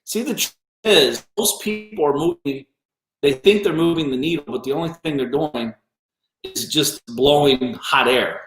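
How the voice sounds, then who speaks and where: A man's voice: fairly high pitch, normal speed, fairly bright tone. Blunt, scolding man in an echoey room. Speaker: business owner. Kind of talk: motivational live-stream rant.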